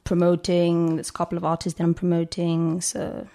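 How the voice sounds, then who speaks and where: A woman's voice: lowish voice, normal speed. A young South African woman with a South African accent, a podcast guest chatting casually and laughing often. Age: young adult. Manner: giggly, animated.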